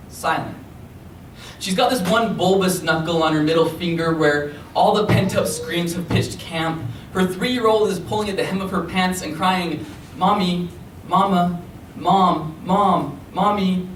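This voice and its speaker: Man performing slam poetry, echoey and distant. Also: fairly high pitch. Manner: expressive, rhythmic delivery with chatty asides. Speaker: poet. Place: library event room. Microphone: recorded from a distance. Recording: echoey room from far off, faint background noise.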